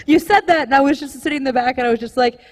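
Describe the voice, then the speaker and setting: A young woman performing a live stand-up comedy set, rambling and animated, full of "like" fillers. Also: high-pitched, fast, long reverb tail. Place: comedy club stage with live audience.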